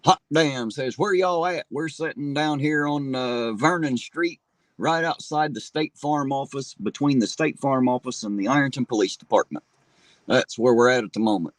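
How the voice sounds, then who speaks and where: A man's voice: mid-range voice, dry recording. Brief: middle-aged Ohio man, Appalachian drawl, laid-back and profane, dry close sound. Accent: southern Ohio Appalachian drawl. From southern Ohio. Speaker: livestream host. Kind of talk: casual chat reading viewer comments. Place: parked car at night.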